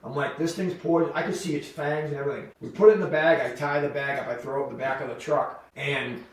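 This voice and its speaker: A middle-aged man, telling lively stories on a podcast and acting out the voices of the people in them. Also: mid-range voice, quick pace. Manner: animated storyteller, acts out quoted voices. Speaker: podcast guest. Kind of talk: storytelling in casual chat. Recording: echoey room, distant mic, faint noise.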